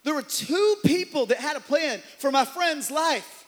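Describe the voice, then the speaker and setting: Man, pastor preaching, swings between shouting and hushed talk, very high voice, echoing hall. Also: animated, a little slow. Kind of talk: sermon. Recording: long hall reverb.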